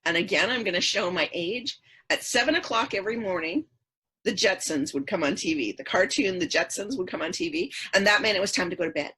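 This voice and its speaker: A woman's voice: lowish voice, animated, a little fast, pushed and bright, slightly rough. A middle-aged woman, a podcast guest, earnestly recounting her past in a repetitive storytelling rhythm. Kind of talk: personal story in interview.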